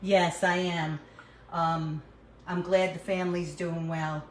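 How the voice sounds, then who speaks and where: An older woman with a New York accent talks slowly and easily while she cooks at home, laughing now and then. Her voice is picked up by a phone in an echoey kitchen, with faint noise behind. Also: fairly low pitch, little pitch movement. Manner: chatty, laughs often, talks while cooking. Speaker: cooking livestream host. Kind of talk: casual cooking chat.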